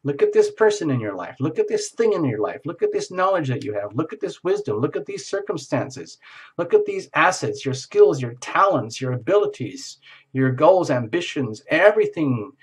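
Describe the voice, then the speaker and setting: A man's voice: on the high side, big pitch swings, moderate pace, slightly rough. A man giving a casual tarot reading in a playful, theatrical way, acting out little scenes as he goes. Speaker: tarot reader.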